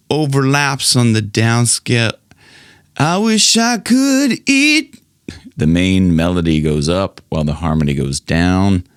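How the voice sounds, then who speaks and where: A man's voice: low-pitched, smooth, dry recording, studio quality. A man working as a vocal coach, teaching a singing lesson in a friendly, explanatory way and laughing often.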